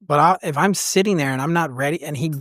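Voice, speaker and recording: A podcast host in casual conversation, relaxed and telling a personal anecdote to relate to the guest. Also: mid-range voice, quick pace, no room sound, clean studio sound.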